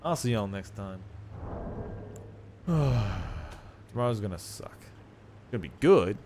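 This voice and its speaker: A man's voice: on the low side, big pitch swings, slow pace, noisy background. A man streaming a game live, chatting casually and ranting with lots of swearing and laughter. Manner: rambling, profane ranting with frequent laughs.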